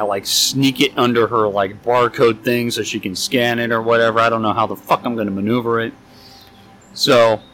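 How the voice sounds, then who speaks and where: A man's voice: mid-range voice, fairly bright tone, slight background noise. Tipsy young man telling a story. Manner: rambling, profane, exasperated storyteller. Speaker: podcast co-host. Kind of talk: casual storytelling chat.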